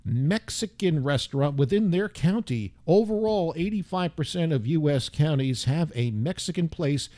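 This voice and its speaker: A man's voice: fairly high pitch, animated, moderate pace, few pauses, mellow, no echo. A man hosting his own show, talking in a casual, rambling monologue full of wry, self-mocking asides. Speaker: radio show host.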